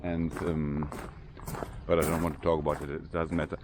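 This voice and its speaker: Older german guy rambling on a cemetery walk, really low voice, faint outdoor noise. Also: flat delivery, normal speed. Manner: chatty, rambling, unpolished English. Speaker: vlogger. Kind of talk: casual walking vlog.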